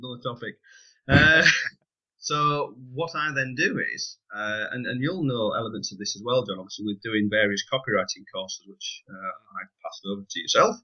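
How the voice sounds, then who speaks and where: A man co-hosting a business podcast, chatting casually and explaining with lively asides and light humour. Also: mid-range voice, normal speed, lo-fi sound. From United Kingdom. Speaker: podcast co-host.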